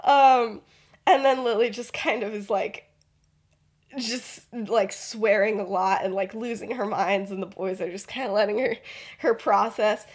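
A woman's voice: medium pitch, normal speed, breathy edge. A young woman casually telling a fan-fiction story on a podcast, chatty and giggly, with many fillers.

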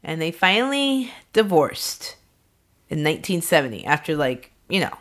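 Laughing, lively-voiced woman podcast host. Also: deep voice, moderate pace. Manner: laughs often, swears casually, reads case notes. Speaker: podcast host, narrator of the case. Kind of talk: casual true-crime podcast chat.

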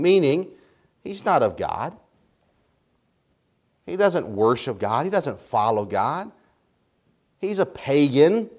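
A man's voice: on the high side, very animated, normal speed, darkish tone. A man preaching a sermon as pastor, speaking emphatically and building his points through repetition.

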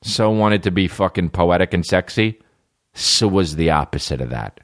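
This podcast host speaks at a normal speed in a low, expressive register. His casual comedy monologue wanders along, profanity-laced, as he plays off listener questions.

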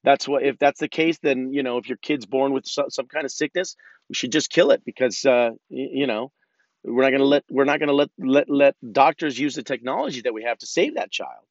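In a car, a vlogger in his thirties rants casually and profanely, rambling and restarting his sentences again and again. His medium-pitched voice is brisk, and the recording has no room sound but a dull, lo-fi quality.

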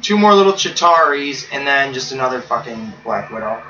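A man's voice: medium pitch, animated, brisk, bright, forceful tone, distant mic, a little hiss or hum. Man, podcast co-host, profane, joking, dull lo-fi roomy sound, faint ambience. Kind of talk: casual banter watching wrestling.

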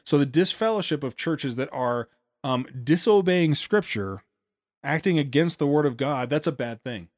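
A man's voice: fairly high pitch, lively intonation, no room sound. Dry-sounding man hosting critical commentary. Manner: sarcastic, rapid asides with restarts. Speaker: podcast host. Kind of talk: critical commentary on a played speech.

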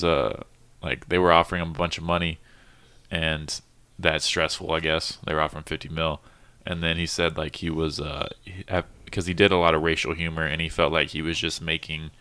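A laid-back man in casual podcast talk. His voice is very deep and gravelly, with a sharp, bright edge, and the sound is dry and close. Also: no echo. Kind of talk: casual chat.

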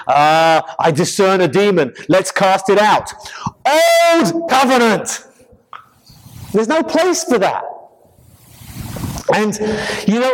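A man preaching a sermon as pastor, animated and acting out scenes. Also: high voice, big-room sound, rough recording. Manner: animated, acts out scenes with laughter.

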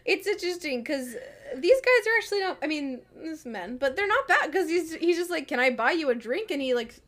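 A woman's voice: extremely high pitch, expressive, a little fast, fairly bright tone. A young woman co-hosting a casual book chat, laughing often and swearing freely. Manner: giggly, swears freely, acts out quotes. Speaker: podcast co-host.

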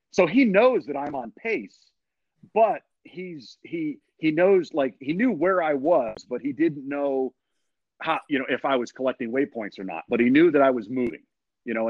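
Animated man telling a story in slang. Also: medium pitch, no room sound. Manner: energetic, laid-back slang, frequent restarts. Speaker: podcast guest. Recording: dull, dry lo-fi sound.

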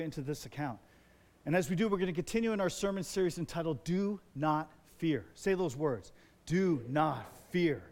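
High-voiced animated male pastor. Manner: animated storytelling, grows loud and excited. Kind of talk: sermon. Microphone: wears a microphone.

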